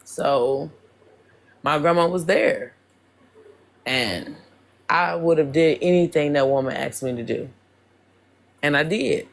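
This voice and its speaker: A guest speaks slowly in casual chat, halting and restarting often and leaning on "like" between thoughts. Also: mid-range voice. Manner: slow, halting, many restarts and "like"s.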